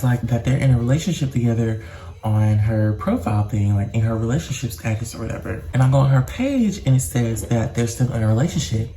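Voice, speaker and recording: A young man vlogging a casual storytime, animated and dramatic, full of slang and swearing. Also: mid-range voice.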